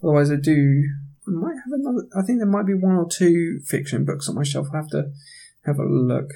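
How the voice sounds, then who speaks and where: A relaxed man talking books on a podcast with a friend. His voice sits a little high for a man. He laughs readily and often drifts into a pause while he gathers his thoughts. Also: vocal fry. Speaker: podcast co-host. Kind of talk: casual chat about books and films.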